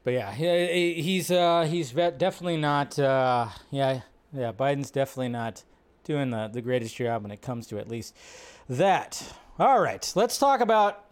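Dude hosting a live stream, rambles a lot, cusses, kinda higher voice. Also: male voice, moderate pace. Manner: rambling, full of fillers and profanity. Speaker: host. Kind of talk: casual live commentary.

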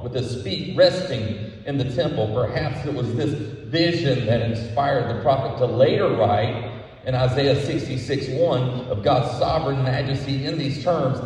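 Slow-speaking pastor in an echoey hall. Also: male voice, mid-range voice, darkish tone, recorded from a distance. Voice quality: measured, emphatic delivery with repeated words. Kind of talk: sermon.

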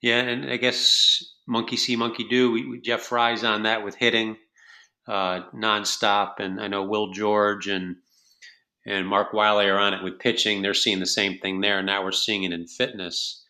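Low, bright-voiced podcast host. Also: male voice, flat delivery, measured pace. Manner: thoughtful, questioning. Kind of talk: casual podcast chat.

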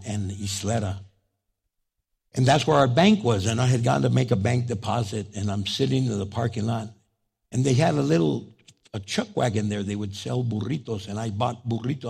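A man's voice: gravelly, breathy edge. A middle-aged male pastor with a New Mexican Chicano accent, telling a story in a sermon and acting out the dialogue. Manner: animated, acts out dialogue with big pitch jumps.

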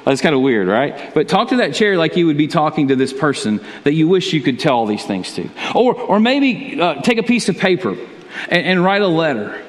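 A man's voice: on the high side, very animated, a little fast. A man preaching a sermon as pastor, talking in a conversational way, often repeating words and chuckling. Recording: long reverb of a large hall.

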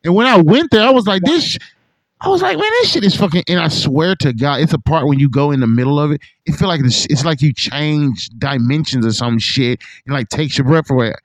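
A man's voice: a little high, a little fast, few pauses, no echo, rough recording. A man hosting a podcast in casual chat, rambling and swearing with lots of "like". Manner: rambling, profane, heavy use of "like". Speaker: podcast host.

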